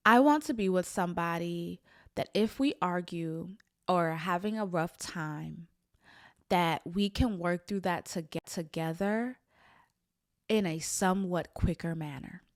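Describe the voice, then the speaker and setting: A woman's voice: lowish voice, unhurried, no room sound, studio quality. Reflective woman hosting a personal podcast. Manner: emotional, reflective, many "like" fillers. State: tearful at times. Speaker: podcast host. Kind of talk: candid personal talk to camera.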